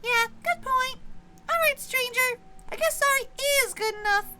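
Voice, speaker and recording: A streamer voicing a tiny, squeaky, aggressive female maggot who wants to fight everyone, with a shrill, shouty manner. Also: moderate pace, slight background noise, heavily acted. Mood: feisty. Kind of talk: game dialogue voiced by streamer.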